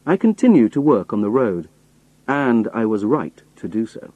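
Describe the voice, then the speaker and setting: A man reading a story aloud in first person, steady and storytelling, voicing the characters. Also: fairly low pitch, normal speed, dry recording, rough recording. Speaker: audiobook reader.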